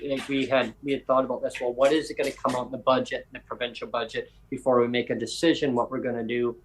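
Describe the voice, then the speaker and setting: A man's voice: mid-range voice, level tone, fast, a little hiss or hum, poor audio. Rambling chatty man telling a story. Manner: rambling anecdote teller with voiced quotes and self-corrections. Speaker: podcast host. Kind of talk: casual storytelling chat.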